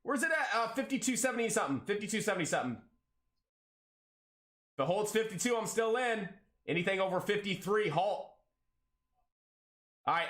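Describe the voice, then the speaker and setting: Hyped and jokey, a man runs a live trading stream, calling out prices rapidly and rooting for each of his trades. Between cheesy gags he pumps up every move in a sharp, bright, slightly high-pitched voice.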